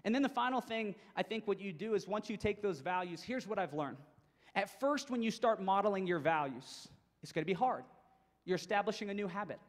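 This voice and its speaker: Male motivational speaker, high voice, energetic and emphatic, long hall reverb. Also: fairly quick. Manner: energetic, emphatic, repeats points for stress. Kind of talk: keynote presentation.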